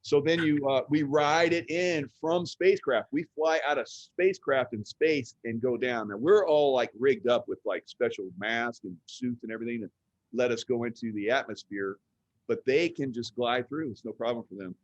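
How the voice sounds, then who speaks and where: A man's voice: medium pitch, moderate pace, no echo, lo-fi sound. Rambling man in a casual chat. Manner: rambling, many fillers like "like" and "you know". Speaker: roundtable guest.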